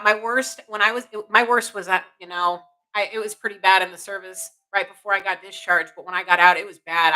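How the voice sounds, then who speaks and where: A woman's voice: mid-range voice, bright, forceful tone, poor audio. A woman around forty hosting a live spiritual reading, earnest and encouraging, repeating phrases and checking in with "okay?". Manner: emphatic, repeats phrases, many restarts. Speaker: intuitive reader and live-stream host. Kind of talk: live-stream spiritual reading, answering chat.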